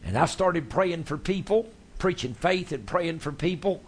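A man preaching a sermon, telling his stories in a folksy, animated way. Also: a little high, unhurried, breathy edge. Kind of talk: sermon storytelling.

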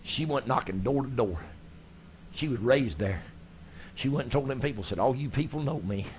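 Preacher guy, mid voice, folksy and lively storytelling, a little hiss behind him. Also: medium pitch, moderate pace. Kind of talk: sermon storytelling.

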